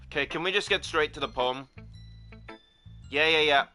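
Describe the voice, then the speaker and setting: A man playing a visual novel, reading the narration aloud and swearing in loud, shocked outbursts. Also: on the high side, moderate pace, faint music behind. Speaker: gameplay streamer.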